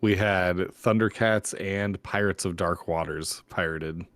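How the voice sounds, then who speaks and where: Deep-voiced easygoing male podcast co-host. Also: unhurried, fairly bright tone, no echo, studio quality. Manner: easygoing, joking, laughs often. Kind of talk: casual chat.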